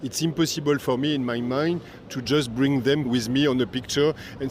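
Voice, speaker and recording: An older man who speaks English as a second language with a French accent. As a festival director being interviewed, he pauses often to search for words. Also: medium pitch, fairly even intonation.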